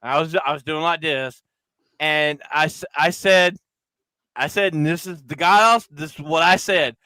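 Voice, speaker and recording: A podcast host tells a rowdy, profane story about his day. His voice sits high and bright, smooth and clear. It is recorded close on a dry mic. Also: unhurried, no room sound. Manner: loud, crude, animated storyteller, acting out quoted voices. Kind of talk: casual storytelling chat.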